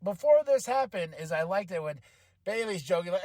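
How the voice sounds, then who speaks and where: A fairly high-voiced man hosts a podcast and recaps a wrestling show in a casual, animated way. He laughs often and acts out the wrestlers' lines in changing voices. The sound is dry and close, with no room around it. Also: a little fast, no room sound. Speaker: podcast host.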